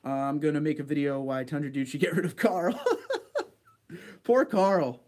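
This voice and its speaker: A man casually chatting with his viewers and answering their comments during a livestream, laid-back and quick to laugh. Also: a little high, darkish tone. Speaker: livestream host reading chat. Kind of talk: casual chat.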